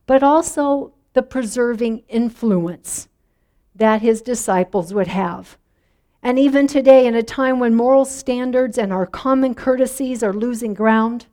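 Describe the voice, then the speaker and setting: A woman's voice: on the high side, warm tone. A middle-aged woman pastor preaching a sermon in a conversational way, drawing answers from the congregation. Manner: conversational, inviting congregation responses.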